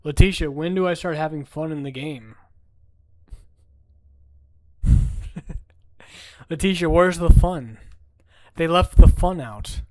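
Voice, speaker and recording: Young male streamer, slightly high voice, loud, profane, mocking banter. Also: normal speed, dry recording. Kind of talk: live game-stream commentary.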